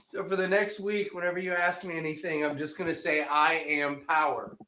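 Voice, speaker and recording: A man hosting a live sports betting stream, chatting casually, joking, repeating catchphrases and breaking into loud laughter. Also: sits high, steady tone, quick pace, slight background noise. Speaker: sports betting show host.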